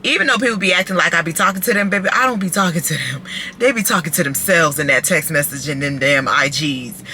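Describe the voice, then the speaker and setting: A woman vlogging casually to her phone camera, animated and chatty, calling her viewers "baby" and "child.". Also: on the low side, brisk, a little hiss or hum.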